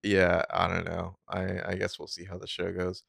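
A man's voice: low-pitched, normal speed, vocal fry, no room sound, clean studio sound. A man co-hosting a podcast in casual chat, rambling and acting out characters as he talks. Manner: rambling, animated quoting of characters. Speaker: podcast co-host.

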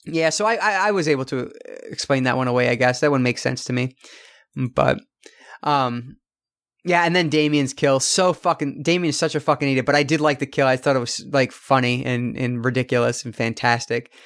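A man's voice: medium pitch, a little fast, fairly bright tone. A man co-hosting a casual film review podcast, talking in a rambling way with many fillers and restarts. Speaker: podcast co-host.

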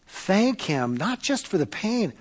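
High, lively-voiced male preacher. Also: slow pace, slightly rough. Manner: animated preaching that swings from loud to hushed. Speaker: pastor. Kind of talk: sermon.

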